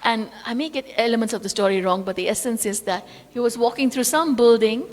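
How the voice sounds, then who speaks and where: Higher-voiced woman giving a devotional class in an echoey hall. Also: brisk, darkish tone. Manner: storytelling with acted quotes, conversational asides. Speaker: spiritual teacher.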